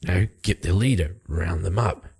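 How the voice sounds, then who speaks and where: A man's voice: low-pitched, normal speed, creaky, a little mellow, husky, exaggerated voice. Man doing a curt, guarded shadowy vigilante.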